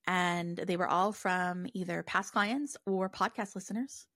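A woman's voice: fairly low pitch, fairly even intonation, unhurried, a bit bright, no room sound. Chatty woman podcast host, dry sound. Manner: conversational, many fillers and restarts. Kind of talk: casual solo podcast monologue.

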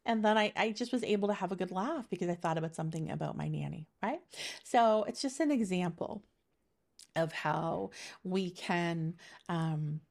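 Here a middle-aged spiritual reader delivers her monthly intuitive energy reading, laughing readily as she chats and meanders with plenty of fillers. Her voice is on the low side, expressive and creaky, a little mellow, at a moderate pace.

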